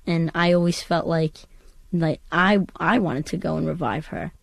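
A woman's voice: low-pitched, fairly even intonation, normal speed, gravelly, very noisy. A seventeen-year-old girl talking casually about her life, with lots of fillers and restarts. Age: teens. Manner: casual, rambling with many fillers. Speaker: teen diarist. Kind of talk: personal audio diary.

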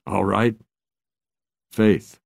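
A man's voice: on the low side, flat delivery, extremely slow, gravelly, no room sound, full character voice. A man voicing a famous middle-aged male TV host who speaks cautiously, with dry humor.

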